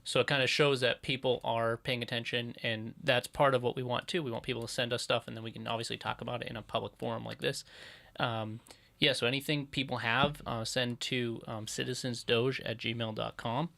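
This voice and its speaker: A man's voice: medium pitch, flat delivery, brisk, creaky, bright, forceful tone. A male podcast guest jumping in informally with lots of fillers to ask listeners for tips. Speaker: guest, activist. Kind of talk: casual political chat.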